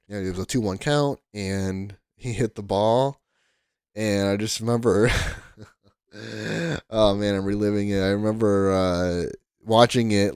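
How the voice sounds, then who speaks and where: A young man in his twenties with a low, gravelly voice recounts a memory to camera. He rambles and restarts, dropping "like" everywhere, and the recording is close and dry with no room sound. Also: dry recording. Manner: rambling, excitable, heavy use of "like" and restarts. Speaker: vlogger. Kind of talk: casual storytelling to camera.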